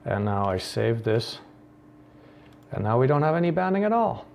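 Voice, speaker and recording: A man's voice: mid-range voice, sing-song, normal speed, gravelly, darkish tone. A man from the Netherlands hosting a coding tutorial, thinking aloud with many ums and restarts. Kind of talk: screen-recorded coding tutorial.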